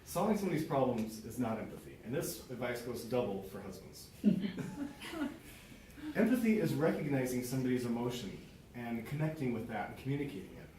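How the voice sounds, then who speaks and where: A man's voice: medium pitch, big pitch swings, brisk, warm tone, a little hiss or hum. A man giving a prepared speech to a small club audience, earnest, acting out short example dialogues. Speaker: club speaker. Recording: very echoey room, mic far off.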